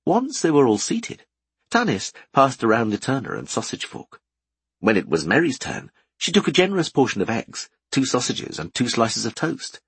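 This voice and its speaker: A man narrating a fantasy audiobook with expressive storytelling. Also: medium pitch, normal speed, breathy edge, no echo.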